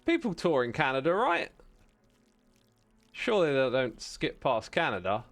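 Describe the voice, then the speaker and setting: A man's voice: medium pitch, wildly swooping pitch, moderate pace, gravelly, a bit bright, soft background music. A man chatting casually with viewers while playing on a livestream, rambling and self-deprecating, laughing often.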